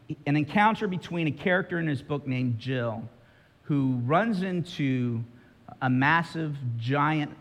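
A male pastor preaching a sermon, telling a story with drama and speaking directly to his listeners. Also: medium pitch. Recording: reverberant hall.

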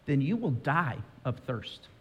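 A massive, unyielding lion, as a male preacher voices it speaks slowly and gravely. It states things plainly, without boasting or anger. Long reverb from a large hall trails each word. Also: mid-range voice, very animated, highs cut off, a little hiss or hum. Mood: solemn. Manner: slow, grave, matter-of-fact. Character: huge solemn male lion, calm and unyielding.

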